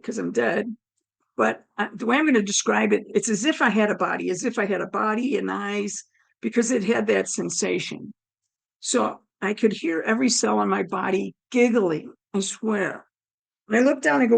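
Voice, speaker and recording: A woman recounts a personal story in a gravelly, hoarse voice at a medium pitch. She acts out the thoughts she had at each moment. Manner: animated, acts out her own thoughts. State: hoarse, damaged throat. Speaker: guest telling her near-death story.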